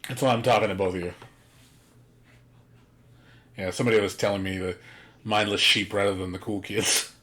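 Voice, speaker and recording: Streamer guy, lowish voice, ranting blunt and sweary between games. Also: steady tone, normal speed, pauses often, sharp tone. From United States. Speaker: game streamer. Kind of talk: casual chat.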